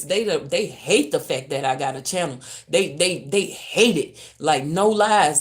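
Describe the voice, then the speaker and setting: A woman from Louisiana with a Louisiana accent, venting on a livestream from a hotel room, profane and swinging between muttering and loud outbursts. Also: deep voice, expressive, slow pace. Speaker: livestreamer and spiritual reader. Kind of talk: ranting livestream.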